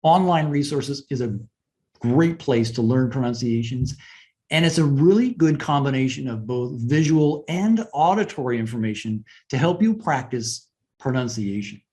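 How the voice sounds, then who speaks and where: A man giving a webinar lesson on presentation skills in a conversational way, often asking "right?" and pausing to stress points. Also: mid-range voice, lively intonation, mellow.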